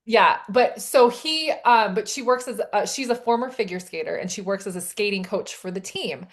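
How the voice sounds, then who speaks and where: A woman with a medium-pitched voice speaks at a moderate pace. She's a podcast co-host and romance author in a casual chat, animatedly retelling a scene from her book, packed with "like" and acted-out dialogue.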